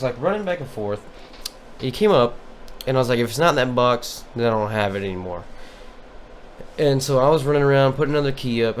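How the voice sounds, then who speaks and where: A man's voice: mid-range voice, slight background noise. A man co-hosting a casual podcast, telling a profane, exasperated story about a coworker. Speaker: podcast co-host. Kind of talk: casual chat.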